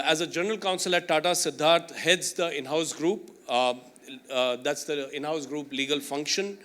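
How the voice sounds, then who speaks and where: A man's voice: a little high, pushed and bright. A man moderating a conference panel, telling a self-deprecating anecdote and then introducing the panelists, with a chatty manner full of "you know".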